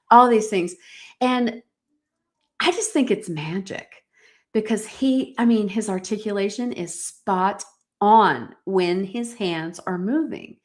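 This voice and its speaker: A woman's voice: mid-range voice, takes it slowly. Middle-aged woman host, earnest and encouraging, talking straight to her viewers on a livestream. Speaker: podcast host. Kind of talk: live-streamed motivational talk.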